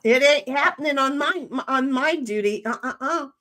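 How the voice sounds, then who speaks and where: A high-pitched older woman holds forth on her live stream in casual chat. She talks bluntly and swears freely. She plays out both sides of conversations as she goes. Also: moderate pace, a bit bright. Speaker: stream host.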